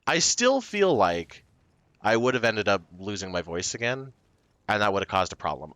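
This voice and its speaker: A man chats casually to his stream audience in a rambling, self-deprecating way, full of ums and restarts. His voice sits a little low but bright and forward, with a lively rise and fall. The sound is dry and close, with no room around it. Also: dry recording. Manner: breaks into short laughs. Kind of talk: casual chat to stream viewers.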